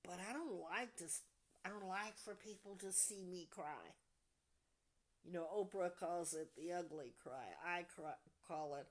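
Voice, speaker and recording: Slow, low-voiced woman host, soft and deliberate. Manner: slow, soft and deliberate, trailing off to near whispers. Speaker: podcast host leading a support group. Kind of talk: reflective talk to a group.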